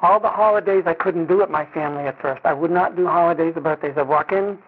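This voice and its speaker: A man's voice: on the high side, fast talker, slightly rough. A man giving a personal recovery testimony in a conversational way, often saying "you know" and acting out what people said to him. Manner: conversational, often says "you know", acts out quoted dialogue. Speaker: speaker sharing at a recovery meeting. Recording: tinny phone-line sound.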